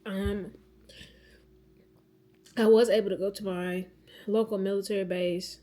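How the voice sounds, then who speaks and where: A woman's voice: mid-range voice, fairly even intonation, a little fast, warm tone. A woman in her thirties talking candidly to camera in a casual vlog, venting about her week and swearing freely. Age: 30s. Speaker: vlogger.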